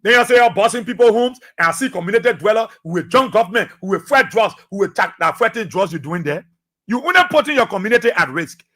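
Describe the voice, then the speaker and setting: A Liberian man with a strikingly high, bright, forceful voice delivers fiery radio talk-show commentary. He preaches at his listeners, repeating short phrases again and again to drive each point home. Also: animated, fast. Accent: Liberian English.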